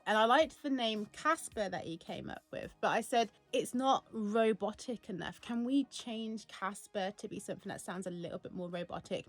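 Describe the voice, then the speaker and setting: A woman chatting casually as a vlogger, rambling with lots of fillers as she walks through a setup. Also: medium pitch. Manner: chatty, rambling with frequent "like" and laughs. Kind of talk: casual walkthrough chat.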